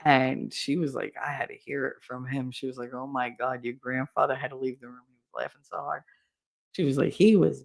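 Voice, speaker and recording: A woman's voice: normal speed, vocal fry, pauses often. A woman in her forties hosting a casual livestream, telling a family story and acting out everyone's lines with big jumps in her voice. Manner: animated, acts out quotes with big pitch jumps. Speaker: livestream host.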